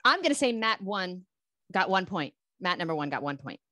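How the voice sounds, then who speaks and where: A woman hosting a casual quiz chat, excitable and quick to exclaim. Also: fairly low pitch, no echo, studio quality. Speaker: show host.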